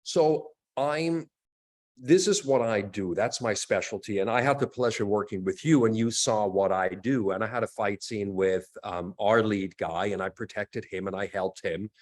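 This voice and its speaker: Animated middle-aged man telling stories. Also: on the low side, normal speed. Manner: animated storyteller, acts out quotes. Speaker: actor and fight coordinator guest. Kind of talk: casual interview storytelling.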